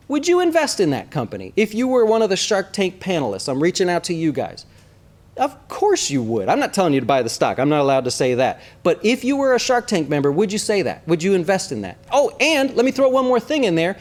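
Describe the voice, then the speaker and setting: A man who hosts an investing show, giving casual market commentary in an animated way and often asking listeners "right?". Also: high-pitched, fairly quick. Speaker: investment advisor and show host.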